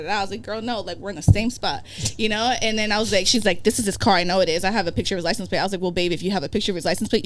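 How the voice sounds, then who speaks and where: A woman's voice: medium pitch, slight background noise. A young adult woman, a podcast guest, telling a story in casual chat, swearing freely and acting out the quoted dialogue. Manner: profane, acts out quoted dialogue. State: pregnant.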